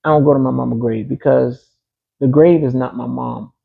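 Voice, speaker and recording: A man's voice: medium pitch, steady tone, normal speed, gravelly, slightly rough, phone-quality sound. A man being interviewed, telling a personal story in a casual, emphatic way, often repeating key phrases. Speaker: interview guest.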